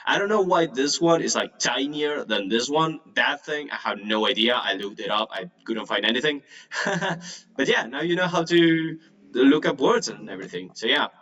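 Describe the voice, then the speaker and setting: A man's voice: mid-range voice, expressive, normal speed, fairly bright tone. Chatty man teaching. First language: Spanish. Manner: chatty, filler-heavy, laughs nervously. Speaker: English teacher. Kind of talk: casual online lesson. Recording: distant mic, degraded audio.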